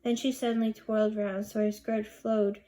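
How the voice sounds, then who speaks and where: A woman's voice: mid-range voice, little pitch movement, moderate pace, warm tone. A woman narrating a children's chapter book in first person, reading expressively. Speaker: audiobook reader. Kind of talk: storybook narration.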